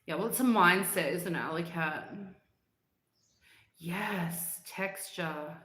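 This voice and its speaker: A woman's voice: on the low side, slow, a bit bright, roomy sound. A woman hosting a casual livestream, chatting upbeat with viewers, laughing often and humming bits of songs. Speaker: livestream host. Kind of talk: casual livestream chat reading comments.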